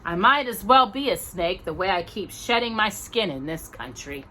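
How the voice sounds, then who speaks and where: A woman doing a sunburnt frontier man griping in a folksy way, bright and lively, a storybook reading. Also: medium pitch, moderate pace. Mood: grumbling. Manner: complaining, folksy. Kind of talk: reading aloud a children's novel.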